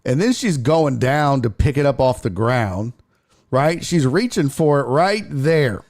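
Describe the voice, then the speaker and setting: A man's voice: mid-range voice, measured pace. A man hosting a casual sports talk stream, swearing freely and reading viewer chat aloud. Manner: profane, animated, reads chat aloud. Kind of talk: casual livestream commentary.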